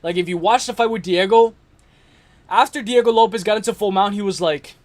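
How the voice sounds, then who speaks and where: A man with a high voice hosts a casual fight-talk livestream. He rambles in loose slang, circles back on his own points and speaks straight to his viewers. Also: brisk. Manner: rambling, slangy, repeats himself, addresses chat directly. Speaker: MMA livestream host.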